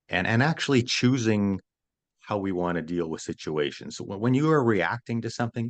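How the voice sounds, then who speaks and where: Deep-voiced man explaining calmly. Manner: earnest, explanatory, repeats words when starting. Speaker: stress coach. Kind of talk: interview answer.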